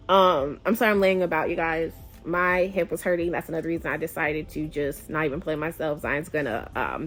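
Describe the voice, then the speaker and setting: A woman's voice: lowish voice, fairly bright tone. A woman hosting a casual book club vlog, chatty and emotive, often sighing as she reacts to the story. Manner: chatty and emotive, with frequent sighs.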